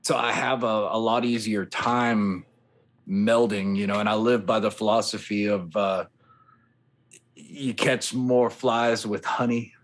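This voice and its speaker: A man's voice: fairly low pitch, fairly even intonation, measured pace. A man who works as a tour manager and sound engineer, chatting casually on a podcast in an easygoing, rambling way.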